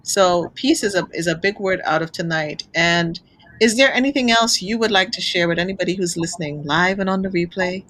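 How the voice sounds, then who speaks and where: A woman's voice: fairly low pitch, brisk, fairly bright tone, no room sound, poor audio. A woman hosting an interview show, speaking in an effusive, emotional way. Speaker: host. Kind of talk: interview chat.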